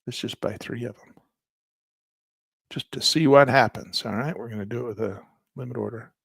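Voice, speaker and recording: Gravelly, hoarse man thinking aloud. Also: medium pitch, normal speed, fairly bright tone, no echo, clean studio sound. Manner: thinking aloud while placing trades. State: hoarse, clearing his throat. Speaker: trading instructor. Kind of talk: live trading walkthrough.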